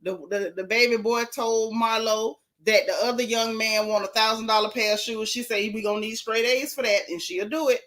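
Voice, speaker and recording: A woman's voice: on the high side, normal speed, few pauses. A woman hosting a live stream, chatting bluntly and sassily about a reality show and thanking viewers. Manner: sassy, blunt, animated gossip. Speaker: show recap host. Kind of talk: casual live-stream chat.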